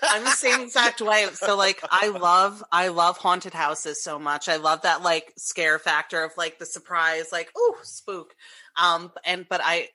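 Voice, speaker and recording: Blunt co-host, bright voice, swears freely in casual chat. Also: mid-range voice, fairly even intonation, a little slow. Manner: blunt, swears, laughs often.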